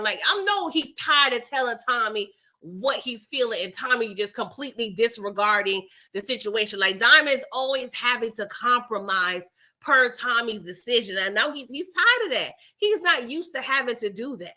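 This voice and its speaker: A woman hosting a casual TV recap, chatty and animated, acting out characters in quotes and laughing often. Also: fairly high pitch, moderate pace. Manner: chatty, addresses viewers as y'all. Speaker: TV recap host.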